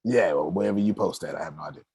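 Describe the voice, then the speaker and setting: A man hosting a casual chat, talking in an animated way, often laughing and poking fun at himself. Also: deep voice, rapid-fire, husky. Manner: animated, laughing, self-mocking. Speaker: host.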